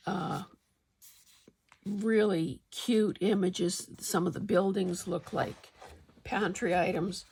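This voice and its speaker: Slow, gravelly-voiced woman crafting vlogger. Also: on the low side, noisy background. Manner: rambling and conversational, with frequent fillers. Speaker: crafting channel host. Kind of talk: casual show-and-tell vlog.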